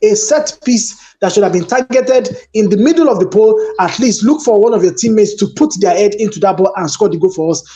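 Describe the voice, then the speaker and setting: A man's voice: sits high, brisk, few pauses, warm tone. A man, debating football as a pundit and telling stories with emphatic exasperation. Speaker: sports pundit. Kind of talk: animated sports debate.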